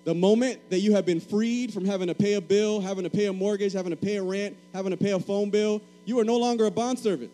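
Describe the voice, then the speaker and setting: High-voiced Puerto Rican man preaching. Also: fairly even intonation, fast talker, few pauses, mellow, rough recording. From Puerto Rico. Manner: emphatic, repeats key phrases, asks the congregation to respond. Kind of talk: sermon.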